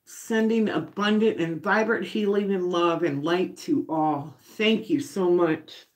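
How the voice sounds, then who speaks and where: A middle-aged woman hosts a casual home livestream, baking as she reads viewer comments aloud. She speaks in a lowish voice at a slow pace.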